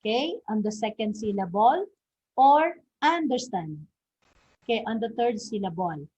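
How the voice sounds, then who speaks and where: A woman's voice: medium pitch, animated, normal speed, warm tone, husky. A woman teacher, giving a recorded English lesson, sprinkling "okay" throughout and quizzing her listeners. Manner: peppers sentences with "okay", quizzes listeners with questions. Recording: dull lo-fi recording.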